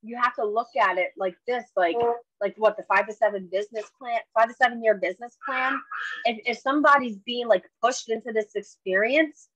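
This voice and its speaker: A woman's voice: a little high, fairly quick, fairly bright tone, no echo, lo-fi sound. A woman telling a story on a video call in a chatty way, acting out both sides of a conversation. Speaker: network marketing distributor sharing a story.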